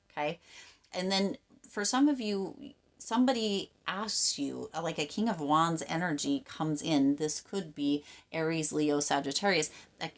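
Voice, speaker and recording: Low-voiced woman giving a tarot reading. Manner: rambling, searching for words, encouraging. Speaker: tarot reader.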